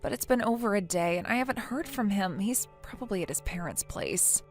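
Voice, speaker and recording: This text-to-speech narration uses a synthetic woman's voice that sounds close to an everyday voice, mid-range and brisk with lively intonation. Over faint music, it plays a naive young wife who pleads, hesitates and pities herself in a text-message story.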